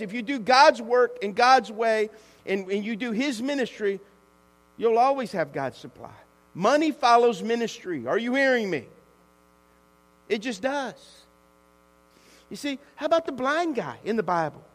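A man preaching a sermon as pastor, animated, swinging from hushed to shouting. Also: sits high, normal speed. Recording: long hall reverb with mains hum.

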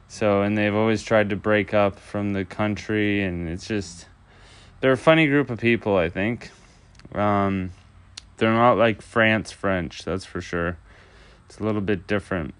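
A man's voice: fairly low pitch, fairly bright tone, clear, resonant tone. A man hosting a casual solo podcast from an empty house, rambling loosely with lots of filler words. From Canada. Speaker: podcast host.

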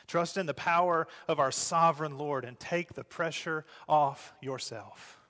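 A man preaching a sermon as a pastor, moving between loud urging and soft, slow phrases. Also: fairly high pitch, long reverb tail.

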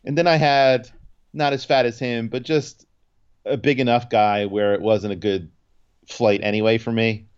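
A male podcast co-host tells a story in loose, animated chat, stumbling over restarts and leaning on "like." His voice sits mid-pitch and comes through on a muffled, lo-fi recording. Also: moderate pace, clear, resonant tone. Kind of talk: casual chat.

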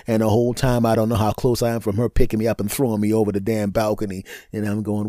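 A man hosting a podcast, telling a comedic story in a lively, repetitive way that breaks into silly sung sound effects. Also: on the low side, quick pace, hardly any pauses, no room sound, studio quality, soft background music. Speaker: podcast host.

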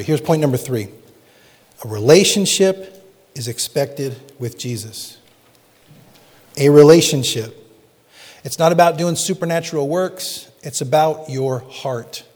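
A man's voice: medium pitch, a little mellow, husky, long reverb tail. A male pastor preaching a sermon and reading scripture aloud with rising, emphatic delivery.

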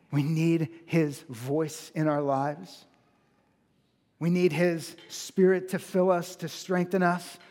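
A man preaching with earnest conviction. His voice sits a little high for a man, and it rings with a long hall reverb. He rises to emphatic peaks, then slows right down on the words that matter. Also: a little mellow. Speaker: pastor. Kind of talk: sermon.

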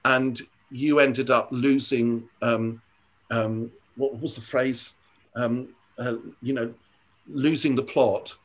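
An older man, a church leader, talking in an interview, earnest and reflective, often pausing and restarting his sentences. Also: mid-range voice, fairly even intonation. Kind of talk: conversational interview storytelling.

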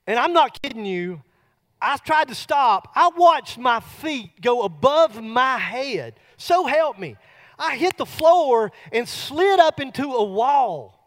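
A middle-aged man preaching a sermon, telling a folksy personal story that builds to loud bursts. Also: very high voice, very animated, slow pace.

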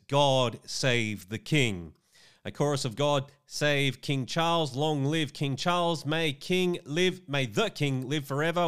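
A man's voice: fairly high pitch, a bit bright, clear, resonant tone. A man reading news aloud and adding smug, mocking commentary.

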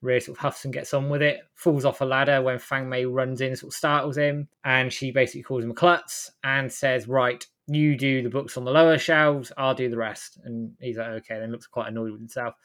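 A man's voice: medium pitch, fairly even intonation, brisk, hardly any pauses, fairly bright tone. Casual man recapping a story. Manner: rambling, self-correcting plot retelling. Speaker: host recapping a game. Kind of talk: casual chat.

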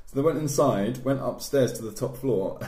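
A man's voice: mid-range voice, normal speed, dark tone. A young man telling stories in casual chat, swearing freely and joking. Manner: banter-heavy storyteller, swears freely. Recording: echoey room.

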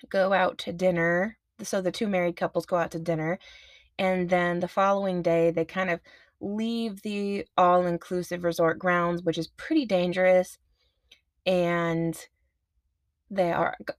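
A woman's voice: on the low side, dry recording. Chatty woman hosting a movie podcast. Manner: chatty, self-aware, laughs easily. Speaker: podcast host. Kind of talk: casual movie review podcast.

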